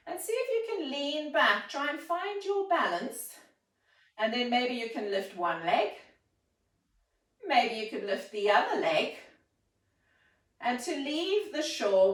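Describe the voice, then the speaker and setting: Woman, children's yoga teacher, playful coaxing storytelling, fairly high voice, echoey, distant mic. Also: fairly bright tone. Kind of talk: guided children's yoga class. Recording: roomy echo, mic set far off.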